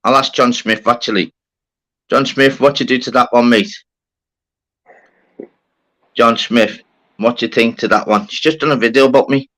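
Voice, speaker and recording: A man hosting a casual live-stream chat, rambling, animated and swearing a lot. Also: mid-range voice, normal speed, pauses often, dry recording, rough recording. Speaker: channel host.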